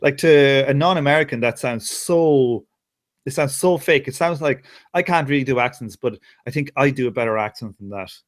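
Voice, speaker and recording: Dublin Irish man, casual guest chat, rambling, restarts a lot, mid-pitched. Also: normal speed. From Ireland. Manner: rambling, many restarts and fillers.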